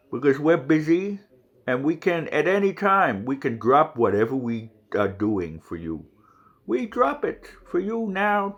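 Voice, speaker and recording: Man channelling high-pitched blunt spirit collective. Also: muffled recording, heavily acted. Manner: insistent, preachy, swears bluntly.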